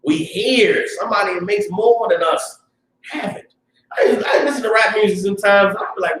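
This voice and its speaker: Preaching to a class in a loose, casual street style, a male teacher with a high voice and a Southern US accent speaks at a normal speed, growing fiery and shouting at his peaks. He stands back from the mic, and the very echoey room gives the recording a roomy sound.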